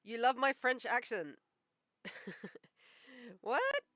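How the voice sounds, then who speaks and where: A woman animator chatting casually on a live stream while she draws, joking and thinking out loud. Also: fairly low pitch, lively intonation, moderate pace, no room sound, clean studio sound. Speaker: animator streaming her work.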